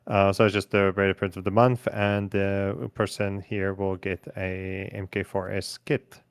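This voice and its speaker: A man's voice: low voice, level tone, a little slow, smooth, no echo. A man hosting a livestream in a casual, hesitant way with frequent fillers. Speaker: host.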